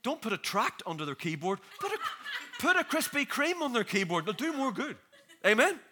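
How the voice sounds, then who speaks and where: A man preaching a lively, jokey sermon, laughing often and calling out to the crowd, tired and jet-lagged. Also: very high voice, a little fast, background noise.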